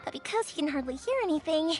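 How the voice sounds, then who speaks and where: A woman's voice: high-pitched, lively intonation, fast. A woman voicing a chatty young female fireworks maker in a game, bubbly and easily sidetracked. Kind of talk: game voice acting.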